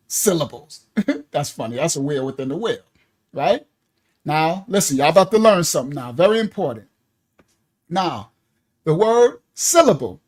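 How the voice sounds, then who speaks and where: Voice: medium pitch, breathy edge. A teacher at a ministry giving an interactive class, spelling out terms letter by letter and calling on the class, addressed as y'all, to join in. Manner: coaxes the audience to join in.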